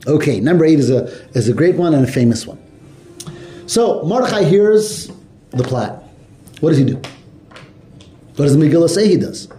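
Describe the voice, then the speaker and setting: A man's voice: on the high side, normal speed, pauses often, roomy sound, a little hiss or hum. A man teaching a Torah lesson to a class, telling the story with animation and asking his students questions. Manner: animated, asks the class questions, mixes Hebrew and Yiddish terms.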